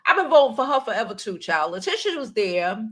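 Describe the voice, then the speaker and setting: A woman with a Brooklyn accent hosting a casual live-stream chat, talking in an animated, blunt way and swearing freely. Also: a little high, fairly quick. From New York City. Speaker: vlog host.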